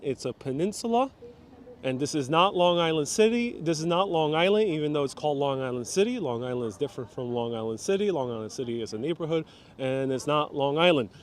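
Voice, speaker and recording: Chatty New man streaming outdoors. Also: on the high side. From New York, Puerto Rican family. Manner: chatty, laughs often, reads out viewer comments. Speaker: live-stream host and city guide. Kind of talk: casual live-stream walking tour. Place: outdoors on a waterfront park. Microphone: phone camera on a gimbal.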